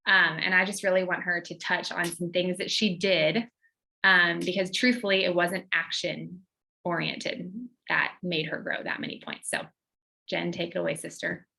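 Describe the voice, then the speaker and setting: Host, woman, bright forceful tone, lowish voice, encouraging. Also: level tone, normal speed, vocal fry, rough recording. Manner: warm, encouraging, uses y'all. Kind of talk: casual chat.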